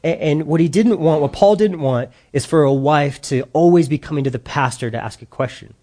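A man's voice: a little high, brisk, dark tone. A middle-aged male pastor giving a conversational sermon, acting out short quoted voices as he preaches.

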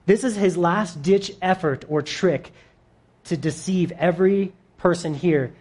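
A man's voice: high voice, unhurried, a little mellow. A male pastor preaching a sermon in a casual, emphatic way, breaking down a Bible passage.

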